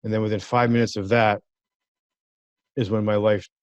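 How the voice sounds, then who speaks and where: A man's voice: fairly low pitch, little pitch movement, moderate pace, darkish tone, clean tone, dry recording. Male guest, lawyer, vivid storyteller who acts out quoted voices; dry, somewhat dull recording. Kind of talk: personal story in an interview. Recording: dry, slightly dull sound.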